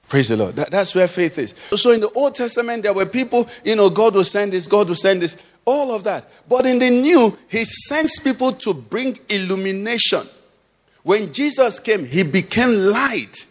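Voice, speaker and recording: High-voiced preacher, impassioned. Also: male voice. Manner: impassioned preaching, swinging from loud cries to low murmurs. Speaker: pastor. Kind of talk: sermon.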